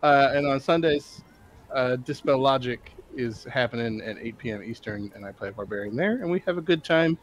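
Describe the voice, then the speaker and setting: A man's voice: mid-range voice, fairly quick, a little hiss or hum. Rambling man at a game table. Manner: rambling, drifting off topic. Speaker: player. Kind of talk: casual chat at a tabletop game.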